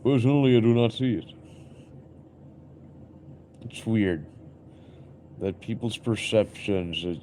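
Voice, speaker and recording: A man's voice: fairly low pitch, takes it slowly, pauses often, warm tone, a little hiss or hum. A young man streaming live, rambling and musing aloud in an introspective way, often repeating himself.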